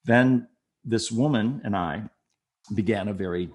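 A man's voice: fairly low pitch, unhurried. A middle-aged man candidly telling a personal story to a listener, acting out the people in it. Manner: animated, acts out voices of people in the story; candid and self-deprecating, with laughs. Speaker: storyteller guest. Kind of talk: personal anecdote told to a listener.

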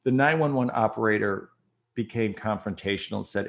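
A man with a fairly low voice recounts a personal experience as an interview guest. He speaks earnestly, and his delivery turns quick and agitated whenever he relives the tense moments. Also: vocal fry. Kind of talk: emotional personal storytelling.

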